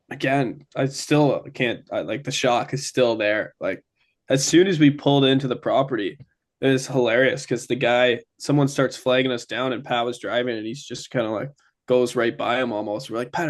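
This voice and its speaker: Animated young man from Ontario. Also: mid-range voice, moderate pace. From Ontario, Canada. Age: young adult. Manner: animated, acts out quoted lines. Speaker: guest. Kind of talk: casual storytelling.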